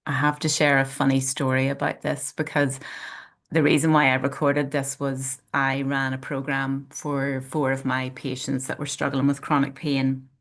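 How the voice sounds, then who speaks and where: Low-voiced woman hosting a call. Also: monotone, normal speed. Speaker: host and practitioner. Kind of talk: leading a group call.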